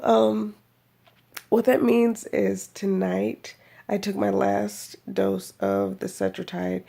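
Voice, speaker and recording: A woman with a deeply gravelly, fry-laden voice and a husky edge, talking in an unhurried, drawn-out way. Her low, mellow tone suits a chatty, rambling personal vlog update, broken up by frequent laughs. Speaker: vlogger. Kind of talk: casual personal video update.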